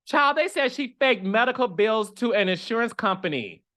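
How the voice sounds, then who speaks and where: Animated, chatty male gossip host. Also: sits high, moderate pace. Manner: animated, chatty, dramatic gasps and asides. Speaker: reality TV commentator and podcast host. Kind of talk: casual chat.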